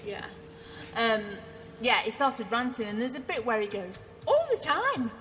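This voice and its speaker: A woman's voice: on the high side, normal speed, a bit bright, long reverb tail, a little hiss or hum, low-quality recording. A British woman co-hosting a casual talk show, teasing and laughing often. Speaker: co-host. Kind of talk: casual chat.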